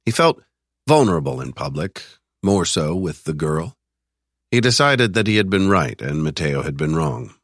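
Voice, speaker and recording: Male thriller narrator with an extremely deep voice, recorded in a dry studio. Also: very animated, normal speed, fairly bright tone, no room sound. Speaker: audiobook narrator.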